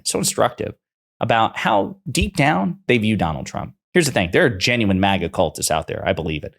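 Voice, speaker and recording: A man's voice: lowish voice, very animated, normal speed, creaky. A man, a political commentator, talking through his opinions in a conversational way with fillers and restarts.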